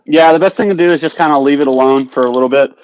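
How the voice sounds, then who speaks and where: A man's voice: on the high side, very fast, no echo, lo-fi sound. A man joining a stream over a video call, chatting casually and joking in an easygoing way. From United States. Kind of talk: casual chat.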